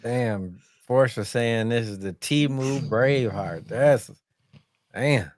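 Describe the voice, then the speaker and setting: A man hosting a casual wrestling podcast, laid-back, giving shout-outs and moving through segments. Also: medium pitch, takes it slowly, no echo, clean studio sound. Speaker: podcast host.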